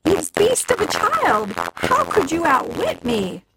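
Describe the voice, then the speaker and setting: A woman's voice: very high-pitched, huge pitch swings, slow pace, creaky, noisy background, voice pushed up, heavily acted. A woman voicing a cruel, bossy old witch who threatens and commands. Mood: outraged.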